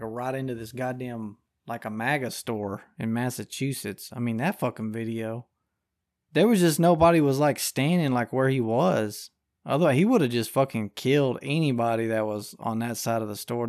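A young male podcast host rants his way through the news, swearing heavily in slangy, drawling speech. His medium-pitched voice is creaky and a little mellow.

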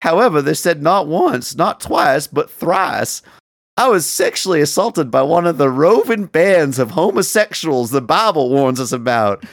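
Amused man with a lively voice. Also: on the high side, no room sound, studio quality. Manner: amused, quick to laugh. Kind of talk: casual chat, reading an email aloud.

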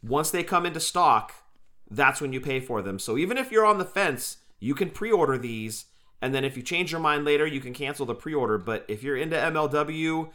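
A man's voice: a little high, lively intonation, normal speed, pushed and bright. A man co-hosting a podcast, chatting enthusiastically and casually, often calling his friend "dude". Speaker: podcast co-host. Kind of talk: casual chat.

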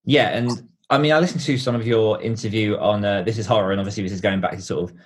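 Male podcast host, relaxed and chatty, lowish pitch. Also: fast. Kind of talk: casual interview talk.

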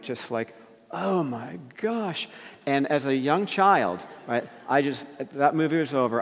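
Storytelling pastor in an echoing hall. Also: male voice, medium pitch. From New Jersey. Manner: animated, acts out quotes. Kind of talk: storytelling sermon. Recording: long hall reverb.

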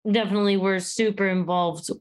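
A woman co-hosting a podcast in casual chat, animated and acting out quoted voices as she talks. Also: mid-range voice, fairly quick. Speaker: podcast co-host.

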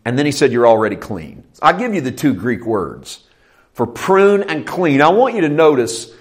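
A man's voice: medium pitch, very animated, normal speed. Conversational male pastor preaching. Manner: conversational teaching with sudden lifts into preacher fervor. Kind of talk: sermon.

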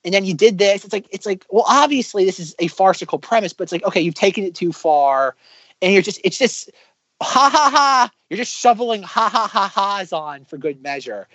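A man co-hosting a casual podcast, rambling with many fillers and breaking into animated impressions as he critiques sketches. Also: high voice, a little fast, dry recording. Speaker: podcast co-host.

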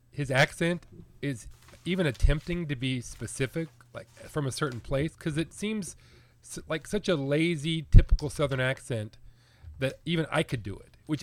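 A man of middle pitch, co-hosting a podcast in casual chat. He is chatty and animated, laughs easily, and his voice sounds dry and close, with no room echo. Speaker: podcast co-host.

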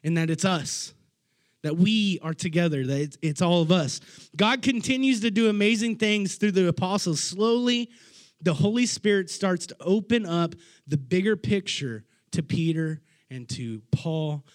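A man's voice: high voice, unhurried. A man preaching casually, retelling Bible stories with enthusiasm, slang and frequent restarts. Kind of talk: casual storytelling sermon.

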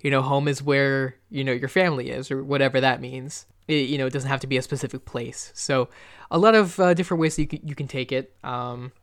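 A man's voice: medium pitch, fairly even intonation, fairly quick, a bit bright. A young man co-hosting a podcast, talking casually with many fillers and restarts. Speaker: podcast co-host.

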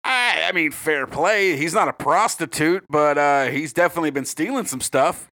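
A man's voice: a little high, normal speed, sharp tone. A man, co-hosting a casual podcast chat, joking and swearing as he rambles. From US South. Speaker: podcast co-host.

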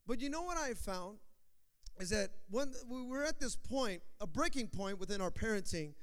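A man's voice: high-pitched, animated, moderate pace, fairly bright tone. A man pastor preaching a sermon in a church, emphatic and repetitive, putting questions to the congregation. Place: church sanctuary. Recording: long hall reverb.

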